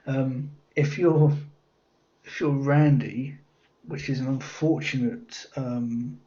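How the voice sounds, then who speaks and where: A man's voice: mid-range voice, steady tone, extremely slow, pauses often, warm tone. A man thinking aloud as he works through a cryptic crossword, musing and muttering the clues half to himself. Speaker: crossword solver. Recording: dull lo-fi audio.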